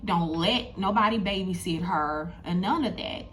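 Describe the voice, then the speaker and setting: A woman's voice: fairly low pitch, normal speed, a little hiss or hum, lightly acted. A woman quoting a grave uncle. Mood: grave warning. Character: earnest older uncle giving a stern warning.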